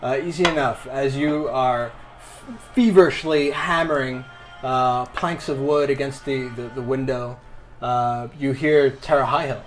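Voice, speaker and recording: A man narrating a tabletop game as game master, halting, with fillers and restarts. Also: medium pitch, faint music behind.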